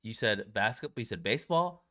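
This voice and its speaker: Lively young man in casual chat. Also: on the low side, a little fast. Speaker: podcast co-host.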